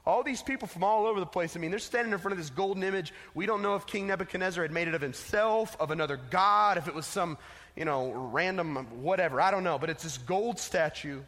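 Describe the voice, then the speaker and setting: A man's voice: high-pitched, quick pace, fairly bright tone. A man preaching a casual, emphatic sermon to teenagers as a youth pastor, telling a story, in an echoey hall.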